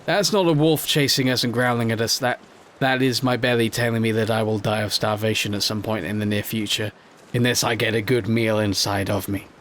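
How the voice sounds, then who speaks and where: Male let's play host, mid pitch, joking self-deprecating game commentary. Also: a little hiss or hum. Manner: playful, self-mocking, jokes while playing. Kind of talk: gameplay commentary.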